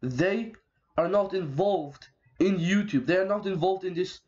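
A young man with a high voice rants to camera in a vlog, swearing and exasperated. His voice comes through a dull, lo-fi home mic. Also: a little slow, a little mellow. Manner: profane, ranting, exasperated. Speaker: YouTuber. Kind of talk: angry rant vlog.

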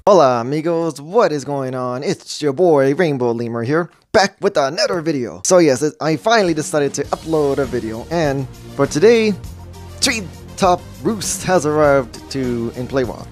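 A man's voice: on the high side, lively intonation, normal speed, soft background music. A man giving casual, jokey gameplay commentary as a gaming YouTuber, rambling and easily sidetracked.

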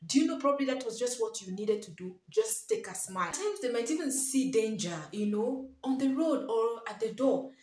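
A woman's voice: a little high, lively intonation, brisk, hardly any pauses, darkish tone, recorded from a distance, a little hiss or hum. A mother giving parenting advice to camera in an earnest, emphatic way, repeating her key phrases and pleading with parents. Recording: echoey room.

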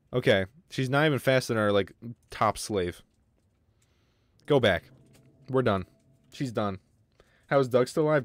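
A young man commentating his game on a livestream, excitable and swearing, with quick outbursts of frustration. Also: mid-range voice, dry recording. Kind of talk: casual gaming livestream commentary.

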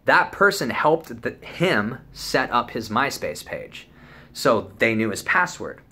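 Young man with a bright, forceful voice. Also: mid-range voice, slow, slightly rough. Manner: profane, rambling, animated storytelling with acted-out quotes. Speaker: vlogger. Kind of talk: casual storytime.

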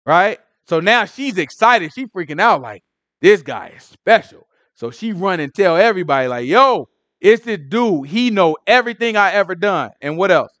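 A man teaching a Bible study in a casual, animated way, acting out the people in the story in everyday slang. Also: high-pitched, moderate pace, no echo. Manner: animated storytelling, acts out characters in street slang.

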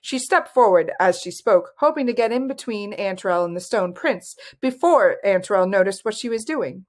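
A woman narrating a fantasy novel as an audiobook reader, in an even, measured way. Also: medium pitch.

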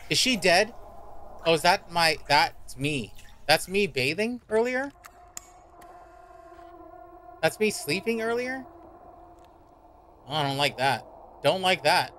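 This man's voice sits a touch high for a guy. He gives loose, casual horror game commentary, reacting jumpily, swearing freely and repeating his worries aloud. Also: expressive, unhurried, pauses often, a bit bright, slight background noise. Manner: jumpy, reactive and profane, with repeated worried remarks. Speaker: streamer.

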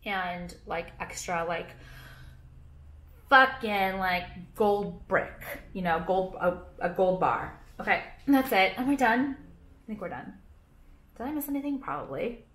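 A woman's voice: mid-range voice, animated, a little slow, fairly bright tone. A young woman chatting in a rambling, brash way, swearing freely and filling her talk with "like," as she shows off her purchases and products. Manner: brash, rambling, heavy swearing and filler words. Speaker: vlogger and small business owner. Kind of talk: casual haul vlog. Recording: echoey room.

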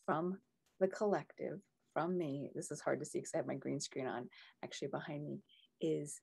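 A middle-aged woman speaks in a casual video talk with a gravelly, husky, lower voice. She tells her story earnestly and drops into soft whispers now and then. She is a coach talking to her group. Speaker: coach and mentor. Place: home room with green screen.

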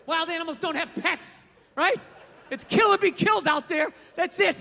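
A man doing stand-up, pitched high with a bright, sharp edge. He swears freely and keeps climbing into shouts. His voice rings through a large theater hall. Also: normal speed, creaky, a little hiss or hum. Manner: loud, swearing, builds to shouts. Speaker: stand-up comedian. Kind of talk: stand-up comedy.

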